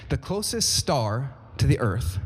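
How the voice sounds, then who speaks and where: A pastor preaches a sermon in a church sanctuary, his medium-pitched voice swinging widely in pitch at an unhurried pace. He speaks emphatically and often puts questions to the congregation, with the long reverb of a church hall around him.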